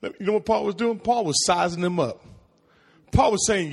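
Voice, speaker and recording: A man's voice: high voice, normal speed, vocal fry, husky. A man preaching a call-and-response sermon in a church, calling questions to the congregation for them to answer. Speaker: pastor. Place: church sanctuary. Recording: long hall reverb.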